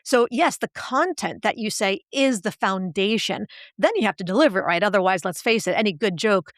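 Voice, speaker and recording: A woman's voice: mid-range voice, brisk, no echo. Articulate woman coach, dry close sound. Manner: animated, acts out quoted voices to make points. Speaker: guest, cognitive linguist and executive coach. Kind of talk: podcast interview.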